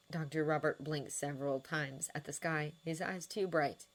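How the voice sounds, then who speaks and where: A woman narrating a fan-written story in the style of an audiobook. Her voice is low-pitched for a woman, and she tells the story at a steady pace. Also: normal speed, hardly any pauses. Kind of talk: audiobook fanfiction reading.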